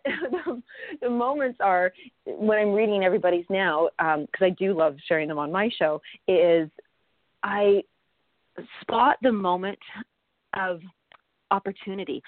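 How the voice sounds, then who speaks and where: A middle-aged woman talks animatedly as a guest, laughing often between thoughts. Her voice sits in an ordinary middle pitch and arrives dry, squeezed through a thin phone-like line. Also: moderate pace, no room sound. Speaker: interview guest, author and nutritionist. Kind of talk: casual interview conversation.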